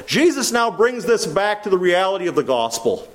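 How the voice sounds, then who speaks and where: A man preaching a sermon with intense delivery, swinging from low and quiet to loud and raised, and stretching key phrases slowly for emphasis. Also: sing-song. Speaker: pastor.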